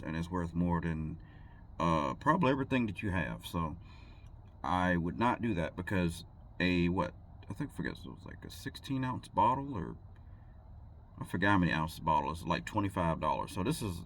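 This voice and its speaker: Lively low-voiced trucker telling stories. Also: male voice, slight background noise. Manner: rambling, laughs between thoughts, lively delivery. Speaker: truck driver. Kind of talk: casual storytelling vlog.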